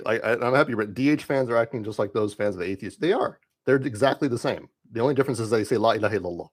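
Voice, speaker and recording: A young man live streaming, ranting casually to his chat in a rambling, dismissive way with lots of "like". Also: fairly low pitch. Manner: rambling, heavy use of "like", dismissive.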